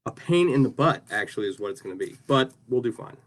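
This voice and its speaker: A man's voice: medium pitch, lively intonation, fast talker. A man casually talking through his craft work on a livestream, rambling and often ending sentences with "right?". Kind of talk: casual livestream talk while working.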